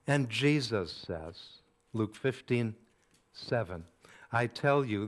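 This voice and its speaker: Slow, measured male preacher. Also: mid-range voice. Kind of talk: sermon.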